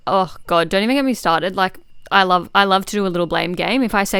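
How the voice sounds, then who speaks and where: A woman's voice: mid-range voice, fast talker, a bit bright, clean tone, no echo, studio quality. A woman, hosting a solo podcast as a fitness coach, blunt and fired-up, swearing freely. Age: 20s. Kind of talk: casual solo podcast monologue.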